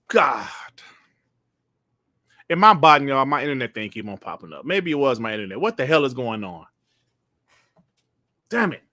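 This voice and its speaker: A man's voice: mid-range voice, very animated, normal speed, long pauses, sharp tone, no room sound. A middle-aged man hosting a casual livestream, talking in a laid-back, slangy and profane way. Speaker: host.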